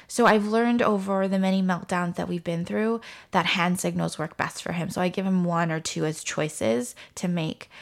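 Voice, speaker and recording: A woman in her thirties hosting a parenting podcast, calmly telling a story and acting out the dialogue. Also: lowish voice, creaky. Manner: calm, storytelling with quoted dialogue. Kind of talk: instructive parenting talk.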